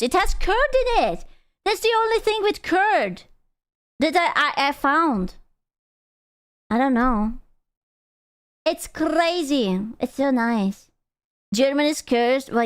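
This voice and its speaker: A young woman, streaming and chatting casually with her chat, excitable, swearing and gasping in her reactions. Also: a little high, clean tone. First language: Hungarian.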